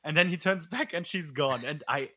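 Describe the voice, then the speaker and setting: A man gushes about his favourite scenes in casual podcast chat, stumbling over his words in his excitement. His voice sits a little high and sounds bright, and the recording is dry and close. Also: moderate pace, no echo. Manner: excitable, full of fillers and restarts. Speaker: podcast co-host. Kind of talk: casual movie discussion.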